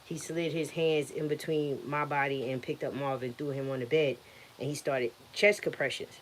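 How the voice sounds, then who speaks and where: A woman with a notably low voice tells a personal story in a blunt, animated way. Her speech is profane and direct, and she relives the moment as she talks. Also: normal speed, a little hiss or hum. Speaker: guest telling her story.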